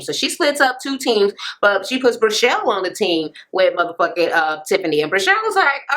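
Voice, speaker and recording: A young woman ranting her way through a reality TV recap. Her voice sits in a middle pitch, and she swears constantly and sasses her way along. At times it leaps into high, squealing bursts. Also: brisk, hardly any pauses, poor audio. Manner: profane, blunt and sassy; lively, jumps into sudden high squeals. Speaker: vlogger reviewing reality TV. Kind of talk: casual reality TV recap rant.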